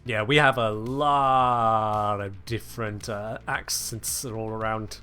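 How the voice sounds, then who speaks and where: A man's voice: lowish voice, steady tone, slow pace, pushed and bright, clean tone, faint music behind. Chatty British man streaming games. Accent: British English. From United Kingdom. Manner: chatty, replies to chat, wry humor. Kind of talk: casual live-stream chat.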